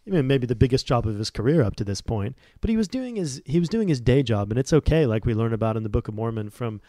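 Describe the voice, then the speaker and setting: A man's voice: medium pitch, animated, fast, warm tone, no echo, clean studio sound. A man guesting on a casual scripture discussion podcast, earnest and rambling, with lots of "like"s.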